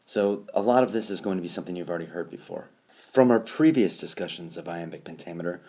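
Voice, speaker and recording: Low-voiced male teacher for a screencast voice-over, clear and explanatory, leans hard on stressed beats. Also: darkish tone. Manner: explanatory, recites poetry lines with exaggerated stress. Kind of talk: recorded classroom screencast lesson. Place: voice-over recorded over a whiteboard app.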